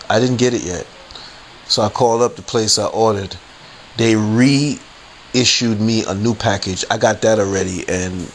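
Low-voiced man rambling through a story. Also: slight background noise. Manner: slangy, rambling, repeats phrases. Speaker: podcast host. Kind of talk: casual storytelling monologue.

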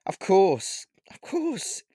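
A man's voice: a little high, sing-song, moderate pace, a bit bright, no room sound, clean studio sound, voice pushed up. An audiobook reader voicing a nervous woman werewolf, who stammers and hesitates as she speaks. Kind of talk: audiobook character voice.

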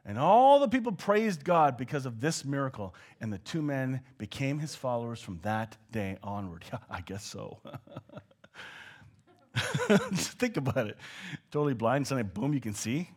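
Animated husky male preacher. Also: mid-range voice, normal speed. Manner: animated, swings from hushed asides to loud acted shouts. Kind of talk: sermon.

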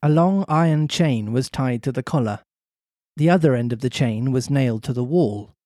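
A man narrating a story aloud as a podcast host, with lively, playful delivery between the lines. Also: mid-range voice, moderate pace, dry recording, studio quality. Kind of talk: story narration with comic banter.

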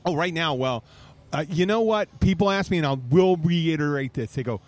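A man's voice: a little high, animated, fairly quick, darkish tone. A man hosting a podcast from an outdoor bar stage, telling rambling, profane stories in casual chat. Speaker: podcast host.

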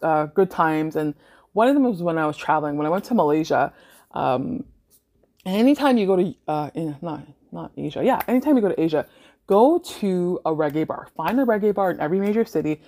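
This podcast host, a young woman from Canada, speaks in a somewhat low, expressive voice at a fairly quick pace, with a slightly mellow quality. She tells party stories in a casual monologue, laughing often and cursing without restraint.

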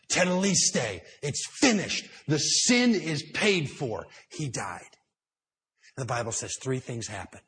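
A man preaching a sermon in a church hall, telling the story with drama and dropping to hushed tones before building up louder. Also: mid-range voice. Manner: dramatic storytelling, swinging between hushed and loud. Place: indoor church hall with high ceiling.

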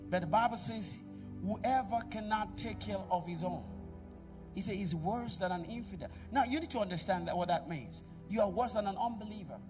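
A middle-aged man preaching a sermon in a church, calling out to the congregation and swinging between loud exhortation and quiet asides. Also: high voice, normal speed, distant mic, music in the background. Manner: preaching with call-and-response to the congregation. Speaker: pastor.

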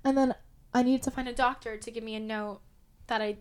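A young woman with a fairly high voice recounts a personal story in a casual, chatty way. She is animated and often rises to loud, emotional stretches as she relives the tense moments. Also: brisk, clear, resonant tone.

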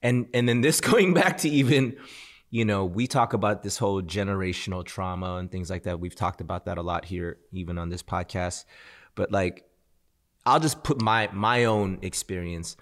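A man's voice: deep voice, normal speed. A man co-hosting a podcast, talking reflectively in a casual faith conversation, thinking aloud with restarts and laughs. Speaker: podcast co-host. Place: indoor studio at a shared meal.

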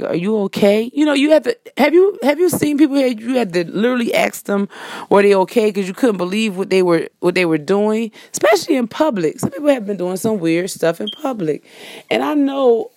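A woman's voice: lowish voice, a little mellow, dry recording, clean studio sound. A woman hosting a casual monologue, talking straight to her listeners in a rambling, folksy way and correcting herself as she goes.

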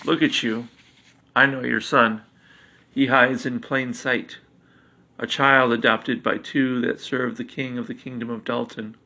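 A man voicing an arrogant boy god, cold and knowing, in a flat, measured delivery. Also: medium pitch, creaky, heavily acted. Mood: menacing.

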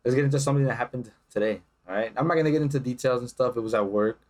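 Fast-talking young man telling a story. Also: medium pitch. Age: young adult. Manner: profane, animated storytelling with acted-out quotes. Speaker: podcast co-host. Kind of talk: casual chat.

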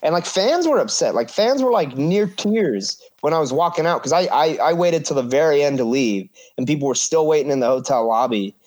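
A man's voice: fairly high pitch, lively intonation, fairly quick, few pauses, darkish tone. A man in his thirties, a professional wrestler guest, casually telling a story, swearing freely and acting out the quotes.

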